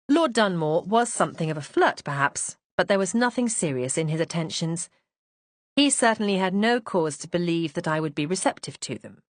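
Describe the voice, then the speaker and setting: A woman narrating a first-person audiobook mystery in a composed, expressive manner. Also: medium pitch, no echo.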